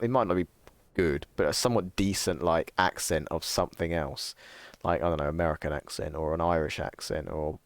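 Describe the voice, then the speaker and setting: Deep-voiced young man chatting casually. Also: no echo. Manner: rambling, self-correcting, swears casually. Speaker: streamer. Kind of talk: casual chat reading stream chat.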